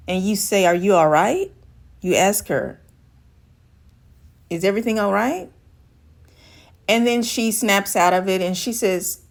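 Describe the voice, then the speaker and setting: A woman life coach giving advice straight to camera, talking through an everyday scenario and voicing the people in it. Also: mid-range voice. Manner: acts out dialogue, shifting voice for quoted women. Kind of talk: direct-to-camera advice talk.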